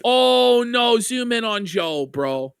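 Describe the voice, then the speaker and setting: A man co-hosting a stream, loudly mocking a video clip with excitable, swearing commentary and mock sobbing. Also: very high voice, slow, creaky, crowd noise. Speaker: stream co-host.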